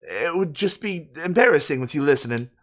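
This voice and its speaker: A woman's voice: sits low, lively intonation, fairly quick. A woman voicing a shy, nervous teenage girl in a let's play game reading, hesitant and apologetic, stumbling over her words. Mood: timid. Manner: timid, hesitant, apologetic, repeating herself. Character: shy nervous teen girl club member.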